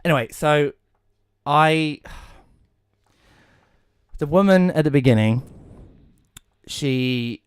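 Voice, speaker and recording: A man's voice: a little high, slow, pauses often, clear, resonant tone, dry recording. Ranting sweary man on a dry podcast mic. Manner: swears a lot, ranting and animated. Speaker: podcast co-host. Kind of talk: casual chat.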